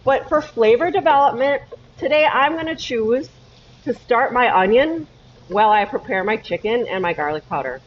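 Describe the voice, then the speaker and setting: A woman's voice: a little high, lively intonation, normal speed, lo-fi sound, background noise. A woman teaching a cooking lesson in her kitchen, talking step by step and often checking in with "okay?". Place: home kitchen.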